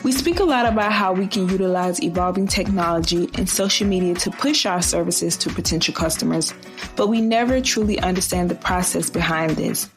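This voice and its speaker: A woman giving a scripted, reflective outro to a podcast episode. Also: fairly low pitch. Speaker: podcast host doing outro.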